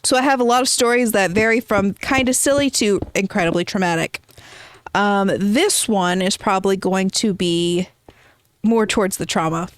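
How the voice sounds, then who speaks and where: A woman's voice: mid-range voice, normal speed, dry recording. A woman streaming a game from home, chatting casually and rambling as she answers her chat.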